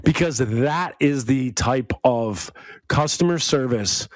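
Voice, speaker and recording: A man's voice: medium pitch, slow, no echo. Laid-back man joking on a podcast. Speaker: podcast co-host. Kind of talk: casual podcast chat.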